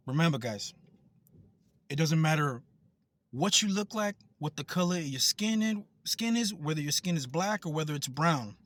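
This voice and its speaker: A man's voice: a little high, lively intonation, moderate pace, a bit bright. A man from the United States, a vlogger, delivering a heated, profane, repetitive rant to camera.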